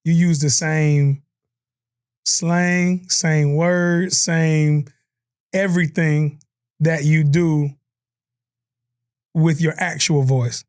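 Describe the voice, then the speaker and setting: A man with a high, bright-pitched voice co-hosts a casual podcast chat. He talks in lively, slang-filled bursts and leans into the lines he quotes, raising his voice for them. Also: drawn-out words, pauses often, smooth. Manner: animated, slangy, acts out quotes in a raised voice. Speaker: podcast co-host.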